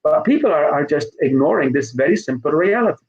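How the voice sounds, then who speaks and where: A man's voice: on the high side, expressive, a little fast, roomy sound, dull audio. A middle-aged man, a sales trainer being interviewed live, telling stories with many restarts and fillers. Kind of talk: live online interview, conversational.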